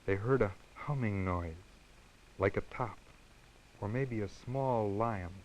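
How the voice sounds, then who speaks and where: A man hosting a children's television show, reading a picture book aloud in a gentle, animated storytelling manner and chatting with his listeners. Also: on the low side, slow, a little hiss or hum, rough recording.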